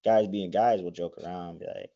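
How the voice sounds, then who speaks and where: A man's voice: low-pitched, fairly even intonation, brisk, warm tone. A young man in his twenties, a college wrestler, chatting as a guest in a rambling way, full of likes and restarts. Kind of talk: casual interview. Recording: dull lo-fi sound.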